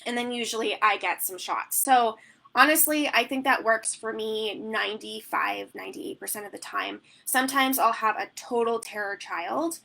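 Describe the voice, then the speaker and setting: A woman's voice: on the high side, normal speed, vocal fry, bright, forceful tone, low-quality recording. A woman newborn photographer answering questions in a live online Q&A, rambling and chatty with plenty of "like" and "um". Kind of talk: live Q&A teaching.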